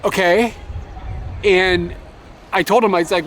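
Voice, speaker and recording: A young man with a fairly high voice tells a story outdoors in a casual travel vlog. He talks in an animated way, swearing and laughing between complaints. Faint street noise sits behind him. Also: unhurried. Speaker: motovlogger.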